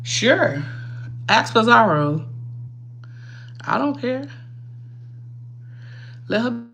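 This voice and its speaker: A woman's voice: fairly high pitch, sing-song, extremely slow, vocal fry, a bit bright, slight background noise. A woman hosting a casual livestream while doing her makeup, chatty and rambling, swearing freely and talking straight to her viewers. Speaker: livestream host.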